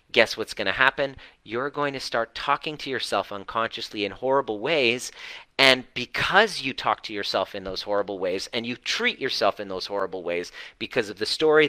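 A man's voice: medium pitch, bright, forceful tone, dry recording. A man hosting a coaching talk for his community, speaking earnestly and emphatically. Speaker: coach and host.

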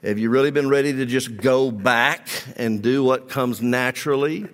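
A man's voice: mid-range voice, moderate pace. A man preaching a sermon as pastor, leading his congregation in call-and-response and asking reflective questions. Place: large church sanctuary. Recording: long church hall reverb.

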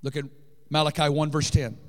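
A man preaching a fervent sermon to a congregation, building up to shouting peaks. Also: a little high, little pitch movement, a little fast. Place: large church hall. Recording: long reverb in a large hall.

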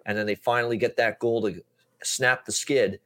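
A man's voice: mid-range voice, steady tone, normal speed, a bit bright. A man hosting a sports betting podcast, talking at length in a casual way with many "uh" fillers. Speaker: podcast host.

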